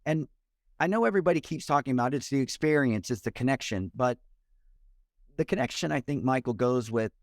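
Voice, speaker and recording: A man, a mortgage loan officer and podcast guest, talking in an energetic, expressive way over a remote call. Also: mid-range voice, brisk, dry recording, studio quality. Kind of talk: casual interview talk.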